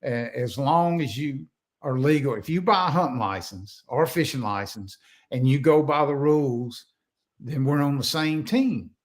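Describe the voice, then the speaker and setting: A man's voice: medium pitch, normal speed. An older man, a podcast guest telling folksy, rambling stories with many restarts. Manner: folksy, rambling, self-interrupting. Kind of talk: casual storytelling.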